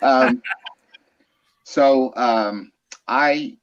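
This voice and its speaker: A man telling a funny story in casual conversation, animated and laughing, his voice climbing high when excited. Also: very slow, no echo. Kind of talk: casual storytelling on a group video call. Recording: dull lo-fi sound with clear background noise.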